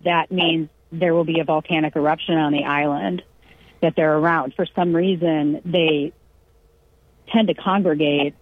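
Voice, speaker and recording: Husky woman telling stories over a tinny line. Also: low-pitched, normal speed, no room sound. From California. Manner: animated anecdote-telling, acts out quotes. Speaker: storyteller. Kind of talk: casual chat. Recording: tinny phone-line sound.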